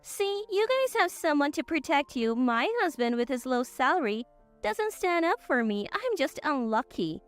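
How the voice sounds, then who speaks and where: A woman's voice: high voice, sing-song, normal speed, faint music behind. A woman voicing a selfish, spoiled young mother who talks in a whiny, self-pitying way. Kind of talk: storybook drama narration.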